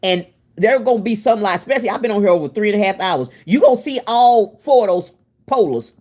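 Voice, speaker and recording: A woman hosting a casual cooking livestream, chatty and expressive, laughing and answering her viewers while she cooks in her home kitchen. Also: mid-range voice, quick pace. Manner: chatty and expressive, laughing and talking back to chat. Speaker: livestream host.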